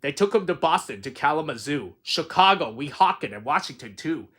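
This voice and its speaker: A man's voice: fairly high pitch, sing-song, a little fast, fairly bright tone. A man reading a rhyming picture book aloud with a sing-song delivery. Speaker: reader.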